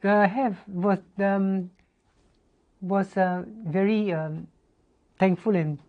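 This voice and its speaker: A veteran singer from Singapore, a woman, answering interview questions earnestly in a halting way. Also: mid-range voice, steady tone, narrow, tinny audio. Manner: halting, with many fillers, earnest.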